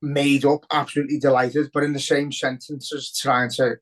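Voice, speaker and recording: A young Liverpudlian podcast co-host with a medium-pitched voice talks at normal speed in a flat delivery. In this casual chat he rants emotionally and swears heavily.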